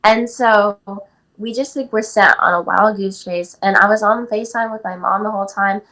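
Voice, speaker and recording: A woman's voice: mid-range voice, steady tone, moderate pace, a bit bright, poor audio. Give me an eighteen-year-old woman from California, chatting as a podcast guest with plenty of "like" and "um". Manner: chatty, many "like" and "um" fillers. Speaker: guest athlete. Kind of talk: casual interview storytelling.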